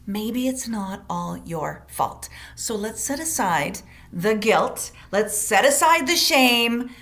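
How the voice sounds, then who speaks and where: A woman teaching a parenting course session, encouraging and expressive, with quick bursts and emphatic stresses. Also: a little high.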